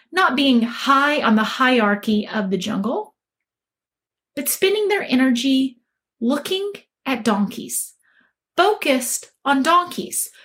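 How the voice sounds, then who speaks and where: Animated woman coach telling a story. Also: high-pitched. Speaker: relationship coach. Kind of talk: motivational storytelling talk.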